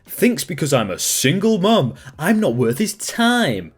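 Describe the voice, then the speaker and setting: A man reading a story aloud, voicing an angry, entitled woman customer who shouts demands. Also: on the high side, big pitch swings, measured pace, slightly rough, soft background music, voice pushed up, exaggerated voice. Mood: furious. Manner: indignant, shouting accusations.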